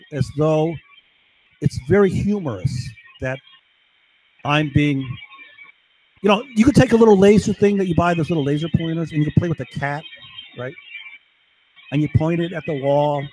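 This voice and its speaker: A man's voice: a little high, animated, moderate pace, long pauses, darkish tone, poor audio. A man delivering an agitated, rambling monologue to his camera, constantly asking "right?". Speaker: vlogger.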